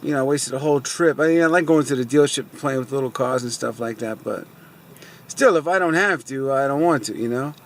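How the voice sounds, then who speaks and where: A car vlogger sits in his parked car, venting in a mid-range, slightly fast voice about a mix-up at a car dealership. The casual story is long and rambling, full of aggrieved frustration and repeated fillers like "so anyway."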